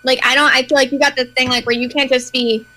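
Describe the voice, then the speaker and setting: A woman gives an aura reading in a confident, reassuring way. Her voice is high and bright, with a sharp edge. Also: level tone, quick pace, low-quality recording. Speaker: aura reader. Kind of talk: psychic reading.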